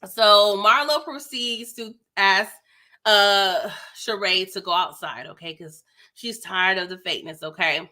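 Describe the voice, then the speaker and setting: A woman's voice: mid-range voice, a little slow, bright, forceful tone. A young woman giving a sassy, slangy, casual recap of a reality TV episode, full of "like" and "girl".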